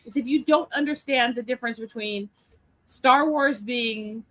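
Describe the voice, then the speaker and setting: A woman's voice: fairly high pitch, unhurried, a bit bright. A woman hosting a casual stream chat, blunt and opinionated, swearing freely as she talks. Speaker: stream host.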